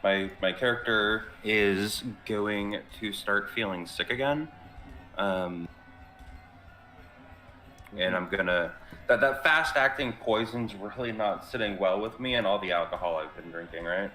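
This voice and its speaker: Lage, aarzelende mannelijke speler. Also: male voice, on the low side, unhurried, pushed and bright. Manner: hesitant, stumbling over words. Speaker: player. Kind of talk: tabletop role-play. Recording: echoey room.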